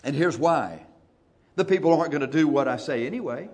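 A man's voice: on the high side, lively intonation, a little mellow. Guy preaching in church, folksy and punchy, speeds up then drags words out. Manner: folksy, emphatic, shifting between fast and slow. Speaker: pastor. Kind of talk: sermon.

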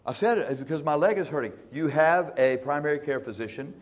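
A male pastor preaching in a church, folksy and emphatic, speeding up and slowing down for effect. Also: fairly high pitch, animated. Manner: folksy, emphatic, shifting between fast and slow. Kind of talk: sermon.

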